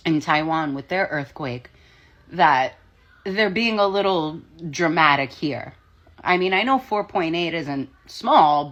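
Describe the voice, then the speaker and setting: Chatty woman with a lowish voice. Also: fairly bright tone. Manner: wry, chatty storytelling. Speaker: social media commentator. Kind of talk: casual commentary.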